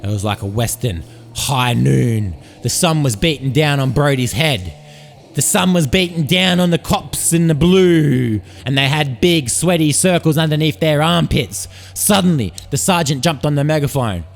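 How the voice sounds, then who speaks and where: A man spins a crude comic tale as a podcast host, rambling and swearing freely. His voice sits a little high for a man, and faint music plays underneath. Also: lively intonation, normal speed, creaky. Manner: rambling, profane, hyped-up. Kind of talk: comedic storytelling monologue. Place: Sydney.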